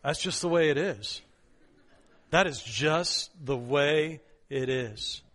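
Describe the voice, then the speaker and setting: High, bright-voiced pastor preaching emphatically. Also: male voice, takes it slowly. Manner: emphatic, repeats key phrases, playful asides. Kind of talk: sermon.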